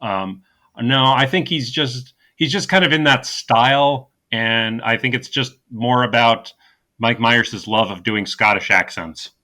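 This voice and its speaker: A man's voice: medium pitch, a little slow, sharp tone. A man co-hosting a podcast, recapping a movie in casual chat with dry sarcastic jokes and many ums and restarts. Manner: dry sarcastic humor with frequent fillers and restarts. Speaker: podcast co-host.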